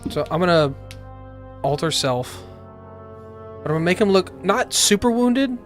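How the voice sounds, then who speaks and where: A man's voice: sits high, animated, normal speed. Man, tabletop player, hesitant, casual, faint music. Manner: hesitant, many fillers and restarts. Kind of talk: casual game chat.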